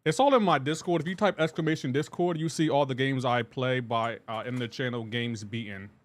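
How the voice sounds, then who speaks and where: A man's voice: mid-range voice, brisk. A man streaming a game live, chatting casually and greeting his viewers one by one in an upbeat, talkative way. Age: adult with a child.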